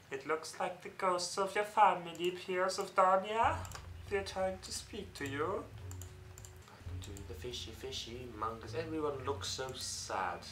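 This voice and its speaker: A man's voice: fairly high pitch, bright, forceful tone, reverberant, slight background noise. A young man giving game commentary as a host, joking around, swearing and laughing often. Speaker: let's play host.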